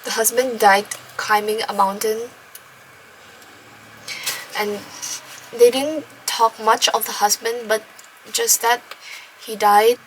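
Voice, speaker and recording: A woman reading a novel aloud in a soft, unhurried way, sometimes slipping into a whisper, and adding her own comments. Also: a little high, steady tone, far from the mic, a little hiss or hum, rough recording. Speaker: book vlogger reading aloud.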